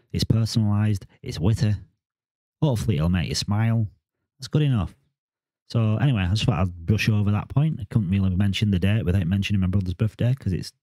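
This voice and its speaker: A crypto vlogger in his 40s rambles to camera in a casual monologue, often repeating words and starting sentences over. His voice is fairly low and dark-toned, and the recording is dry.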